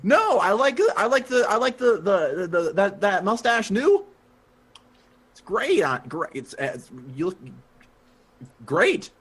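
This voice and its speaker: A man voicing a nervous male mobster who stammers and tries to calm things down. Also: high voice, slow pace, pauses often, breathy edge, pitched above the performer's own voice, exaggerated voice. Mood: nervous placating. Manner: stammering, placating.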